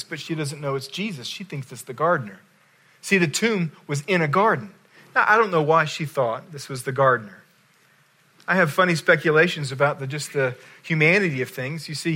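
Male pastor, sermon; slightly high, bright voice, moving between loud emphasis and hushed lines.

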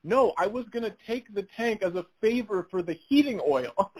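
A man with a notably high-pitched voice tells a story on a casual podcast. He acts out the other people's lines and breaks into laughter along the way. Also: moderate pace, breathy edge, poor audio. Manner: animated storyteller, laughs while telling, acts out quotes. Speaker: podcast co-host.

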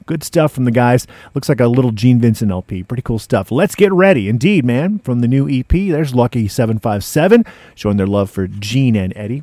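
A man spinning records and chatting between songs with easygoing hipster patter. His voice sits in a middling pitch with a mellow, relaxed timbre. The sound is close and dry, like a studio mic. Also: dry recording. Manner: laid-back hipster slang, says "man" often. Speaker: radio DJ and podcast host. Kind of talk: casual music-show patter.

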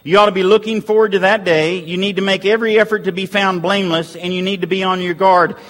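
A man's voice: sits high, steady tone, fast talker, fairly bright tone. A man preaching a sermon to his church, pleading with the congregation and repeating urgent questions. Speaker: pastor. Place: church sanctuary. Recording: long hall reverb.

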